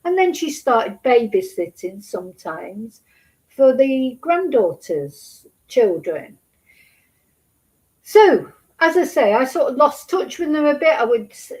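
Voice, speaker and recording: A middle-aged woman with a fairly high voice talks to camera, close to tears. She rambles through a personal story, stopping and restarting her sentences. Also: animated, darkish tone, rough recording. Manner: halting, full of restarts and asides. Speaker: Spanish teacher and channel host.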